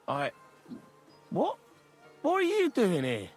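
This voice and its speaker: A man's voice: high voice, huge pitch swings, takes it slowly, breathy edge, soft background music, exaggerated voice. An actor voicing a nervous, stammering male informant with a cockney-like English accent in a video game. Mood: scared. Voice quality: stammering, jittery. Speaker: game character.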